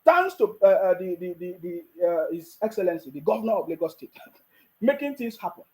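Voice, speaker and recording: A man's voice: sits high, very animated, normal speed, a little mellow, poor audio. A man with a Nigerian accent giving a mocking, scolding political rant with frequent restarts. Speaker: political commentator. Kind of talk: ranting video commentary.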